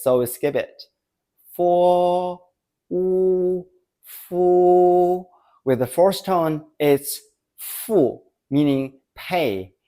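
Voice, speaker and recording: A man teaching a pronunciation lesson, calmly modelling syllables and asking learners to repeat after him. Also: medium pitch. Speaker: language teacher.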